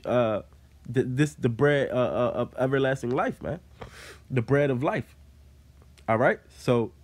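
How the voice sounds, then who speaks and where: A mid-range-voiced man teaches an informal Bible study, reading scripture aloud before explaining it casually. His talk includes fillers like "man."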